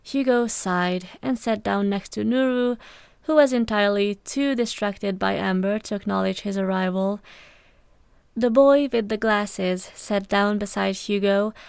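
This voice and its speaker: Smooth-voiced woman reading a story. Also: medium pitch, a little slow, a little mellow, dry recording. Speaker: podfic reader. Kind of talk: scripted narration.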